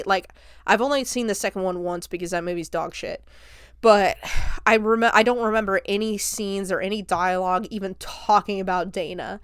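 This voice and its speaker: Young woman podcaster, animated, profane retelling, smooth clear voice, dry close sound. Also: medium pitch, no echo. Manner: profane, animated storyteller who jumps into quoted voices. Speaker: podcast host. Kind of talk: casual film review retelling.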